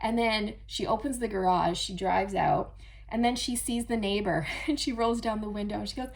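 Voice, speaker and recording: A woman giving a casual channeled tarot reading, chatty and animated, often addressing her viewers directly. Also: medium pitch, normal speed, vocal fry. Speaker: tarot reader.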